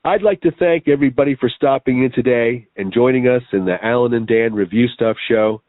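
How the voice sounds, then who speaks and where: A man's voice: mid-range voice, a little fast, dry recording. A man co-hosting a review show, chatting enthusiastically with his co-host. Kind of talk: casual chat. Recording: dry tinny phone-like line.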